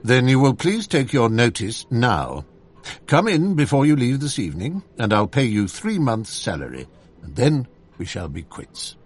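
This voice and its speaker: A man's voice: mid-range voice, very animated, moderate pace. A man voicing a stern, irritable older employer who scolds his clerk in curt, pompous speech.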